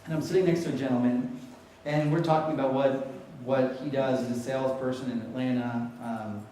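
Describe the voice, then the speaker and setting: Animated male keynote speaker in an echoey hall. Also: mid-range voice, brisk, a little hiss or hum. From New York. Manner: animated storyteller, asks the audience questions. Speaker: conference speaker. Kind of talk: storytelling keynote talk. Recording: echoey hall, mic heard from a distance.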